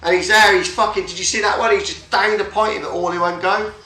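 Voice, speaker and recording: A man's voice: high-pitched, steady tone, fast talker, bright, forceful tone. A man chatting casually on a livestream, swearing often and rambling from point to point. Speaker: livestream host. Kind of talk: casual chat. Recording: roomy echo, faint music behind.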